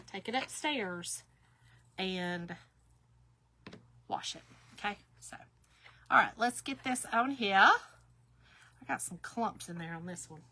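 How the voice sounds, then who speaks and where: A woman's voice: mid-range voice, fairly bright tone, slight background noise. A middle-aged woman, hosting a craft livestream and chatting folksily with viewers. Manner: folksy, talks straight to viewers with "y'all" and "okay?".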